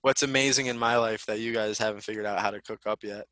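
Bright, rambling comedian guy. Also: lowish voice, fairly even intonation, dry recording. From Connecticut, USA. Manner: rambling, halting, restarts often. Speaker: comedian guest. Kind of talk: casual chat.

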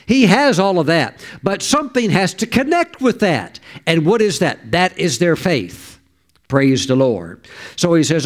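A man's voice: a little high, sing-song, measured pace. A man preaching a sermon in an emphatic way, repeating key lines for stress.

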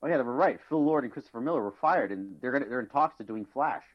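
A man's voice: mid-range voice, animated, fast. A man co-hosting a podcast, rambling through casual chat with fillers, restarts and swearing. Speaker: podcast co-host. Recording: slightly dull lo-fi sound.

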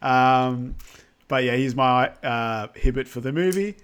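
A man's voice: medium pitch, unhurried, a bit bright, clear, resonant tone. A young man with an everyday mid-range voice recaps a film for a podcast. He rambles from scene to scene, leaning on ums and loose asides as he goes. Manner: rambling, filler-heavy storytelling. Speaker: podcast co-host. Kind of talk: casual film recap chat.

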